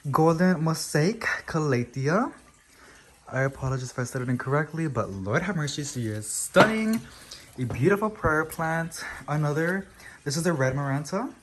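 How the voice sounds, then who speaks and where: A houseplant channel host gives a casual tour of the living room plants, gushing with frequent exclamations. It's filmed at home on a handheld camera, and the mid-range voice comes with a little hiss or hum.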